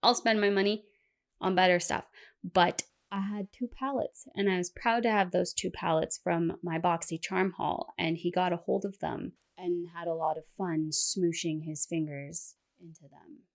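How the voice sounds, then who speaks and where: A woman's voice: on the low side, steady tone, normal speed. A woman reacting to clips in casual commentary, exasperated and sarcastic in her asides. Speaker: commentary youtuber.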